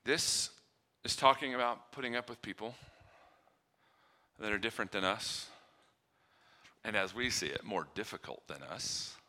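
A man preaching a sermon, shifting between quiet low passages and loud emphatic ones, acting out little dialogues with humor. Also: unhurried, long pauses. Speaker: pastor.

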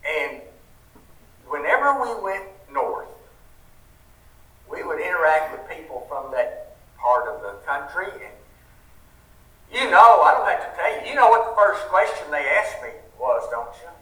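A man's voice: a little high, very animated, a little slow, pauses often, a bit bright. A man with a Southern US accent preaching a sermon, earnest and folksy, asking the congregation rhetorical questions. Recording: roomy sound from a distant mic.

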